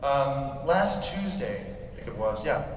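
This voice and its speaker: A man's voice: mid-range voice, big pitch swings, a little slow. A man doing a crude, ranting stand-up set in a mock-pompous manner, on stage in a large convention hall. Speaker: stand-up comedian. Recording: echoey hall recorded from far off, crowd noise. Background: audience laughing and cheering.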